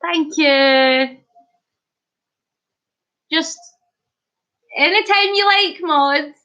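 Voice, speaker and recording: A Scottish woman hosts a casual live stream, answering comments and spinning a story in a playful, animated way. Her voice is slightly high and she speaks extremely slowly. The audio sounds dull and lo-fi, like a cheap stream mic.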